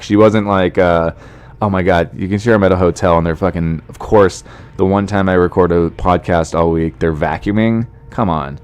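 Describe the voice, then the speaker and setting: A man's voice: low voice, a little mellow. A comedian in his thirties telling a story casually from a hotel room, acting out both sides of a conversation. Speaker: stand-up comedian and podcast host.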